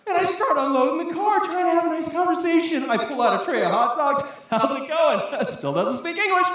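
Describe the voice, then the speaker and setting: A woman telling a comic story on stage, animated and laughing often. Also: very high-pitched, fast. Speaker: storytelling contestant. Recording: echoey hall from a distance.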